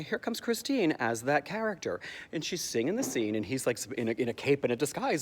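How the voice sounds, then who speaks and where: A man giving a sarcastic comic recap of a stage musical's plot, jumping into high squeaky voices to mock the characters. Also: big pitch swings, a little fast, husky, long reverb tail. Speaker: comedic theatre commentator.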